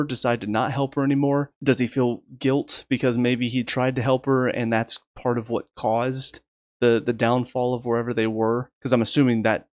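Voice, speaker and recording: A man talks through his review of a TV episode at a middle pitch, sounding exasperated and sarcastic. He often restarts his sentences. The recording is dry and close, with no room sound. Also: no room sound. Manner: rapid recaps in a flat list. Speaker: TV review host. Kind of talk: casual video review.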